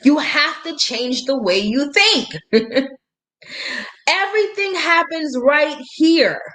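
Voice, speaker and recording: A woman's voice: high-pitched, fairly bright tone. A woman coach giving a motivational live-stream talk, speaking emphatically and preachily, quoting scripture and laughing between points. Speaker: life and business coach.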